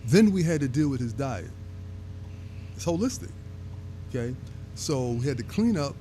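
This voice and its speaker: A man's voice: medium pitch, very animated, moderate pace, dark tone, faint music behind. A man who is a guest on a talk show, explaining his holistic health approach and checking in with "okay?" after each point.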